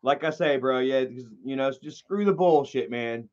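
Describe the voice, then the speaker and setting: A man's voice: mid-range voice, moderate pace, darkish tone, highs cut off. A man livestreaming in casual chat, rambling and profane, with lots of filler words.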